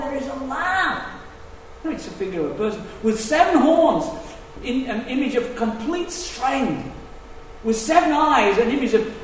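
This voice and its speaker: A high-voiced man delivers a sermon with lively, sweeping pitch. He drops to hushed asides and then rises to loud, emphatic declarations. The sound is distant, with long reverb in an echoey hall. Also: slight background noise. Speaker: preacher.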